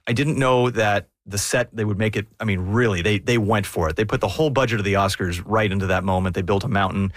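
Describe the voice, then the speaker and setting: A man's voice: lowish voice, fast, few pauses, no echo. Man chatting as an interview guest, dry sound. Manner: chatty, laughs often, restarts mid-sentence. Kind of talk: casual interview storytelling.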